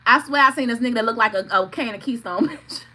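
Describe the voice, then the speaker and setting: Brash, bright-voiced woman. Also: a little high, slightly rough, poor audio. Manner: profane, blunt, laughing storyteller; greets chat viewers by name. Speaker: tarot reader streaming live. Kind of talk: casual livestream storytelling.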